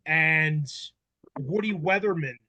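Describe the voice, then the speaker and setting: A man in his forties on a panel, telling stories in a casual, animated way, acting out voices and swearing freely. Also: a little high, slow pace. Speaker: panel member. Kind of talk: casual storytelling chat.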